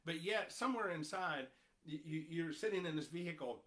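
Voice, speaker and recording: Male pastor, bright and slightly high voice, impassioned sermon delivery with a chatty aside style. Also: lively intonation, brisk. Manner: impassioned, reads scripture aloud, rises in pitch and volume when stressing points; conversational asides to the congregation.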